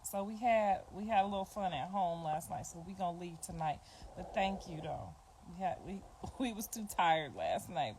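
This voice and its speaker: Her voice low, a little mellow and lively in intonation at a normal speed, a middle-aged grandmother chats casually to livestream viewers, bluntly and emphatically going over her points again and again. The audio is poor, with slight background noise.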